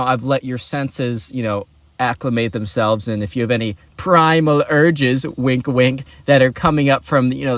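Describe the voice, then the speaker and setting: Guy playing a smug overconfident teen boy, smooth talker, totally sure of himself, dry close sound. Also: medium pitch, dry recording, natural voice.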